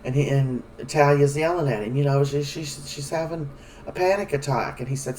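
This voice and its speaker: A man's voice: fairly high pitch, moderate pace, darkish tone, far from the mic, a little hiss or hum, low-quality recording. A man giving a casual, rambling recap of a soap episode, full of fillers. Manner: rambling, chatty, many fillers. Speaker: soap opera recap vlogger.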